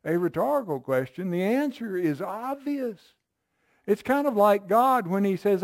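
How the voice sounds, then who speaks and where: A man's voice: high-pitched, lively intonation, measured pace, no echo, studio quality. A man preaching a sermon, reading Bible verses and explaining them in an emphatic, conversational way, often checking with listeners.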